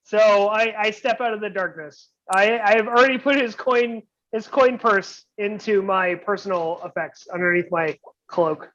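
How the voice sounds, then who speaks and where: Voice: mid-range voice, moderate pace, fairly bright tone. A player in a tabletop game, teasing the others with wisecracks. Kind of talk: casual tabletop banter. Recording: dull lo-fi sound.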